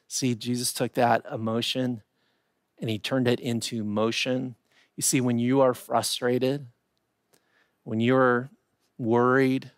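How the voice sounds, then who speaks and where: A man's voice: mid-range voice, no room sound, clean studio sound. A middle-aged man preaching a sermon as pastor, talking in a loose, conversational way and often restarting words. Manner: conversational and animated, with many repeated starts.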